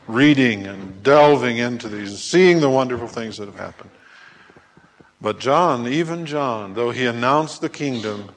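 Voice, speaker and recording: A man preaching a sermon who acts out scripture scenes in lively voices, at times hollering. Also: medium pitch. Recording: long hall reverb.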